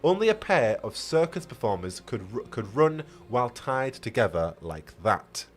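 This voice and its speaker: A man's voice: medium pitch, big pitch swings, normal speed. A man reading a fantasy story aloud on a live stream, often stumbling and rereading with chatty asides.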